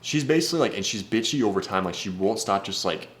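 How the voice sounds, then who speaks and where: Brash deep-voiced man giving advice. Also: lively intonation, fast, a bit bright. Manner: brash, profane, blunt. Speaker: dating coach. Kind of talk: casual vlog advice talk.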